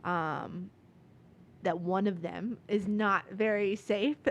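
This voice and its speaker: A woman's voice: mid-range voice, steady tone, slow, dull audio. A woman in her twenties, a podcast guest telling her story in casual, earnest conversation full of "like" and "um". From Michigan, USA. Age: 20s. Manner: earnest, many "like" and "um" fillers.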